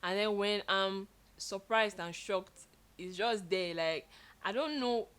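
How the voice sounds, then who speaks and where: A young woman telling stories in a casual chat with her partner, expressive and animated, laughing as she goes. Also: mid-range voice, slow pace. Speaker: co-host.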